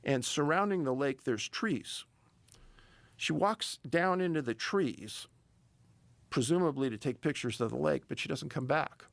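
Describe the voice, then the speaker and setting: A man's voice: fairly high pitch, expressive, a little slow, vocal fry, no room sound. A middle-aged man telling a story in a casual interview, emphatic and building tension. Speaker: podcast guest, missing-persons researcher.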